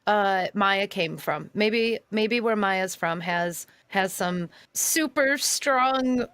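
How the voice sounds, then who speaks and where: Female podcast co-host, mid-pitched, earnest and emotional, thinks aloud, dry close mic. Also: slow, a bit bright, smooth, no echo. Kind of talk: casual chat.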